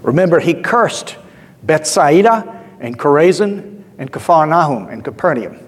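A man's voice: on the high side, expressive, measured pace, breathy edge. A male pastor giving a sermon in a conversational, storytelling way, with asides and filler words. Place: church. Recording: long church reverb.

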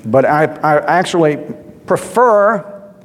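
A man's voice: on the high side, animated, takes it slowly. A male pastor giving a sermon in a conversational, storytelling way, with asides and filler words. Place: church. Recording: long church reverb.

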